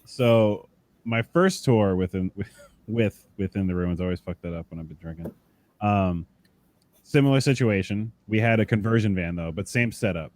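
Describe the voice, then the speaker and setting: A man's voice: on the low side, normal speed, no echo. A man guest on a talk show, telling tour stories in casual chat, swearing freely and acting out the people in them. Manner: animated storyteller, swears freely, acts out voices. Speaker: podcast guest, tattoo artist.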